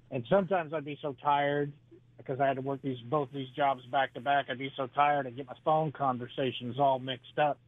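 A man who is a stand-up comedian telling his act in an interview, halting and full of "uh"s, chuckling between jokes. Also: medium pitch, steady tone, no room sound. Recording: dry tinny phone line.

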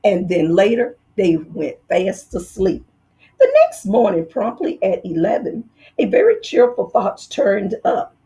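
A woman reads a children's picture book aloud at an unhurried pace. Her voice rises and falls expressively from one phrase to the next. The reading is clear and deliberate, made for young listeners. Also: medium pitch, big pitch swings, warm tone. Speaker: storyteller.

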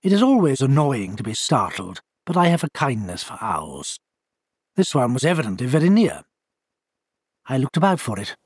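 A man reading a ghost-story style audiobook in measured, expressive storytelling narration. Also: medium pitch, slightly rough, no room sound, clean studio sound.

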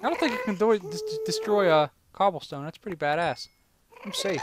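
A let's-play gamer giving excited gameplay commentary, yelping in panic, swearing and pleading with the creatures that attack. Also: medium pitch, quick pace. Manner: panicky, yelps and swears at enemies; talks to the creatures in the game.

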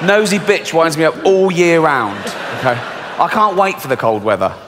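A middle-aged English comic doing stand-up, his voice a touch high and very lively as he lurches between dry asides and giggles. His words ring through a large theatre with a long tail of reverb. Faint ambience sits underneath. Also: moderate pace, noisy background. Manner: deadpan, sardonic storytelling that breaks into giggles. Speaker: stand-up comedian. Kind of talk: stand-up comedy routine.

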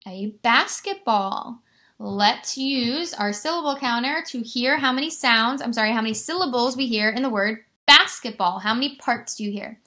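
A woman teacher giving a remote lesson to young children, stretching words out slowly and encouraging them. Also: on the high side, pushed and bright. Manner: slow, exaggerated word-stretching, encouraging.

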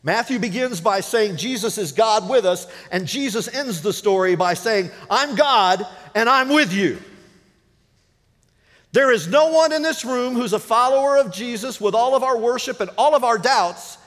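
A male pastor delivering a sermon in a long-reverb sanctuary. His voice sits high and moves through a very wide range, rising to emphatic peaks and falling to hushed, low-spoken phrases. The hall carries a long echo behind every line. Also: expressive, moderate pace, few pauses. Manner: dynamic preaching, drops to a hushed low voice for emphasis. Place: church sanctuary.

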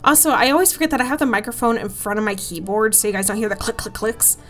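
A woman's voice: on the high side, fast talker, a bit bright, soft background music. A young woman gaming host chatting her way through a let's play, giggly and easily delighted.

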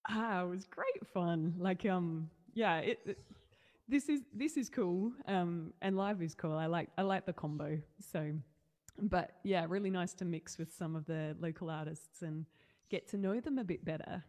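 An Australian woman, a Christian singer, chatting in a relaxed, soft-spoken way with fillers, speaking over a video call. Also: fairly low pitch, normal speed, big-room sound. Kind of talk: casual interview chat and singing. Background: piano.

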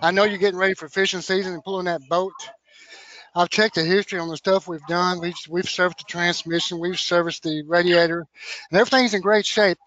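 A man's voice: sits high, fairly even intonation, fairly quick, a bit bright, no echo. A man role-playing a friendly service advisor on a sales call, upbeat and calling the customer "my friend". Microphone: video call. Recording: muffled call audio.

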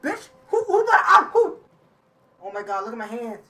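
Shrieking woman gamer, cursing, laughing and crying, bright and high, off-mic. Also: sing-song, moderate pace, far from the mic. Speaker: gaming streamer. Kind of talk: screaming, laughing game reaction.

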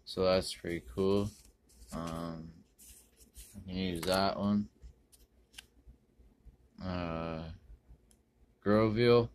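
A man rambling through a pack opening, correcting himself and using many ums and uhs, with sudden bursts of excitement. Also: low-pitched, drawn-out words, long pauses. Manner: bursts of excitement over good pulls. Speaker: card-opening video host. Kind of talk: casual pack-opening commentary.

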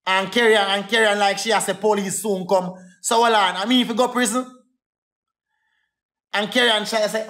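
A man's voice: sits high, fairly even intonation, fairly quick, pushed and bright. A young Jamaican man in a heated livestream rant, defiant and repetitive, calling out to his viewers.

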